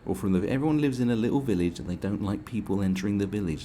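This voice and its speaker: A man's voice: on the low side, brisk, hardly any pauses, slight background noise. A young man hosting a podcast, telling stories in a casual, swearing rant and acting out quotes. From England. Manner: animated, swearing, acts out quotes in raised voices. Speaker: podcast host.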